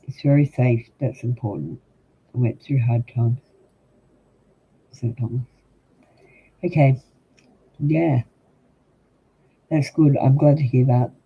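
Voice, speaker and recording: Slow and pausing often, an older man with an Australian accent speaks in a mid-range voice while chatting with his livestream viewers as a tarot reader. He is rambling and chatty, drops in lots of ums, and talks directly to the chat over tinny, husky, phone-like audio.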